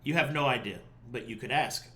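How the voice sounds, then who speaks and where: A man's voice: mid-range voice, brisk, pushed and bright. A man narrating a tabletop game as game master, explaining scenes and guiding players.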